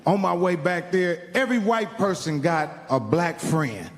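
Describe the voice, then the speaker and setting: A man from Indiana doing stand-up storytelling, profane and animated, acting out the people in his stories. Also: high voice, measured pace. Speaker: stand-up comedian. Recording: live hall recording with long reverb.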